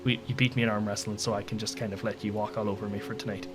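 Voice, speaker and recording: A man's voice: fairly low pitch, flat delivery, racing, music in the background, pitched below the performer's own voice, lightly acted. A man voicing a boastful pirate captain who is offhand and threatening by turns. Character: cocky male pirate captain, brash and boastful.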